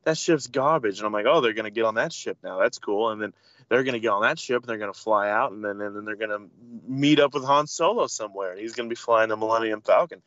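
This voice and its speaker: A man co-hosting a podcast in casual chat, enthusiastic and halting, often restarting his sentences. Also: on the low side, fairly bright tone, no room sound. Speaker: podcast co-host. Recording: dull dry lo-fi mic.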